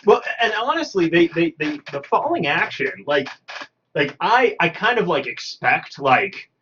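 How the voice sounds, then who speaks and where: A man co-hosting a casual film commentary, chatty and halting, with quick agreeing interjections. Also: on the high side, sing-song, fairly bright tone, dull audio, slight background noise. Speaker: podcast co-host.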